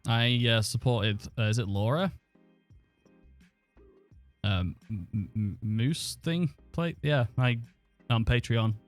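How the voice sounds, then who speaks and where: Faint music plays behind a man casually live-streaming a football management game. His medium-pitched voice takes things slowly with frequent pauses, and he thinks aloud and swears occasionally.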